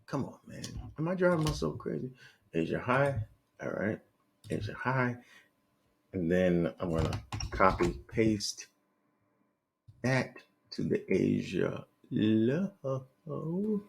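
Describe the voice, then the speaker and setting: A man's voice: fairly low pitch, expressive, a little slow, vocal fry, pauses often. A man trading forex, thinking aloud as he marks up charts on screen, correcting himself and muttering as he works. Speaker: forex trader analyzing charts. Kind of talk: live screen-share market analysis.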